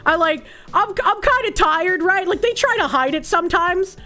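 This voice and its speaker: A woman's voice: very high-pitched, expressive, normal speed, pushed and bright, soft background music. A young woman streamer chatting casually with her viewers in a blunt, sarcastic way, with a lot of swearing. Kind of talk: casual chat reacting to chat messages.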